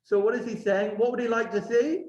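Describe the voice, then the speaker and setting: A man's voice: very high voice, steady tone, fairly quick, a little mellow, highs cut off. A man teaching a classroom lecture. He questions his students and adds wry asides. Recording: echoey room.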